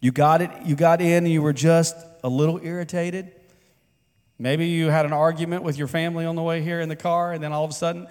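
A man's voice: on the high side, flat delivery, fairly quick, a little mellow, clear, resonant tone. Guy preaching at church, chatty, keeps asking the crowd stuff, long echo off a big hall. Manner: conversational, asks the congregation questions. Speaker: pastor. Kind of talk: sermon. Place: church sanctuary. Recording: long reverb of a large hall.

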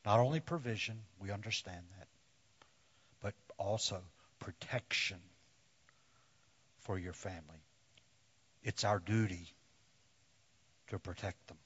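A man preaching a sermon to men in slow, deliberate phrases that often sink to a hush. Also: fairly low pitch, breathy edge, muffled recording. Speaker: pastor.

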